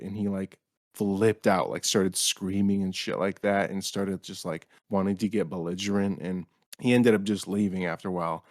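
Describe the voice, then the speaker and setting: A man's voice: low-pitched, darkish tone, no echo, studio quality. A young man co-hosting a casual comedy podcast, telling work anecdotes in a laid-back, slangy way. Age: young adult. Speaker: podcast co-host. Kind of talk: casual comedic chat, storytelling.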